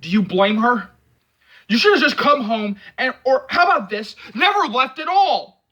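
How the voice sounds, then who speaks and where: A reproachful young man shouts at his drunk friend in a high, bright, strained voice, as a male reader puts him on. The voice swings widely in pitch as he yells and scolds. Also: animated, moderate pace, heavily acted. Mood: exasperated. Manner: yelling, scolding.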